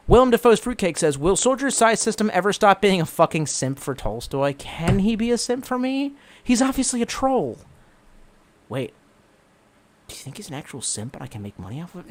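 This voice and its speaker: A man's voice: high-pitched, big pitch swings, fairly quick. A young man from the Washington DC area, casually reading out chat messages on a live stream, profane and sarcastic, and getting drunk as he goes. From Washington DC metro area, US.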